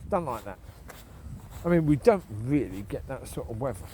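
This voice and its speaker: A British vlogger chats casually while walking outside at night, sounding opinionated, repeating his points and chuckling often. His medium-pitched voice swings widely and has a dark tone, and he keeps a moderate pace over slight background noise.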